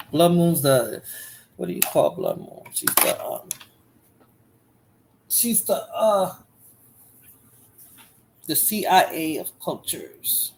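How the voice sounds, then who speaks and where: A woman's voice: fairly low pitch, wildly swooping pitch, drawn-out words, creaky, long pauses, warm tone, rough recording. A woman hosting a casual livestream, chatting to viewers in chat by name in a drowsy, rambling way. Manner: drowsy, rambling with fillers and restarts. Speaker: livestream host.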